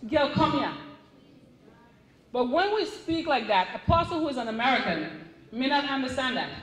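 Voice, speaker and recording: A middle-aged woman with a Caribbean English accent tells a live audience about her writing in a chatty, animated way, circling back and restarting her sentences. Her voice sits very high. The room around her rings with echo. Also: brisk, far from the mic. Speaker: author at a book signing. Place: event room. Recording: echoey room.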